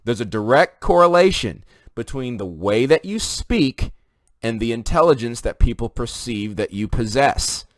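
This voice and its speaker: Guy ranting to his viewers, pushy and preachy, mid-pitch voice, dead dry sound, no room at all. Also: animated, moderate pace, no echo. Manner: emphatic, preachy, talks to viewers directly. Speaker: commentary video host. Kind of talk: opinion monologue.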